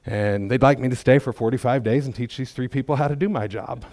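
A man's voice: medium pitch, brisk, a little mellow, no room sound. A middle-aged man giving a testimony in church, talking in a folksy, conversational way with self-deprecating humor. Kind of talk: sermon testimony.

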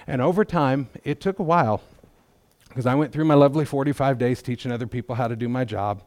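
A man's voice: medium pitch, fast talker, a little mellow, dry recording. A middle-aged man giving a testimony in church, talking in a folksy, conversational way with self-deprecating humor. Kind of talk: sermon testimony.

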